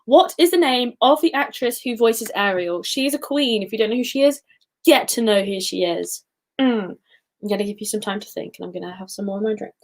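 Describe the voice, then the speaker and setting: A woman's voice: mid-range voice, expressive, fairly quick. A young woman hosting a casual livestream quiz, chatty and giggly with self-deprecating asides. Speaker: quiz host.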